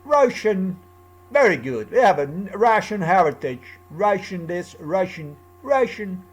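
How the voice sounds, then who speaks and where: A man's voice: sits high, big pitch swings, measured pace, husky. A man with a slightly raised voice, talking alone to the camera. He rambles, circles back on the same phrases and drifts loosely from point to point, with no script. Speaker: commentator. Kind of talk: rambling solo monologue.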